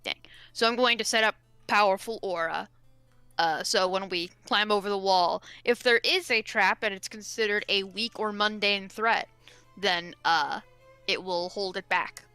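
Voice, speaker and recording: Bright, crisp-voiced woman player. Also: mid-range voice, unhurried, no room sound, faint music behind. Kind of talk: casual tabletop play.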